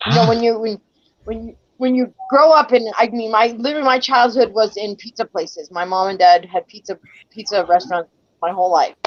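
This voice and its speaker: A woman's voice: a little high, steady tone, brisk, a little hiss or hum. An older woman from New Jersey, a livestream host who chats casually and bluntly, swears freely and tells stories in quoted voices. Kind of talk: casual chat. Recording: dull dry sound.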